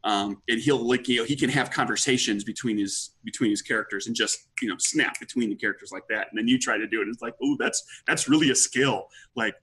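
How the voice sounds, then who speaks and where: A man's voice: mid-range voice, fast talker, hardly any pauses, pushed and bright, a little hiss or hum. A man on a talk show as a guest game master, chatty and full of "like" and restarts. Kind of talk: casual chat.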